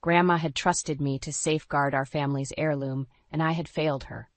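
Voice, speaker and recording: A woman narrating a scripted first-person story in a dramatic, even storytelling voice. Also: low-pitched, brisk, no room sound.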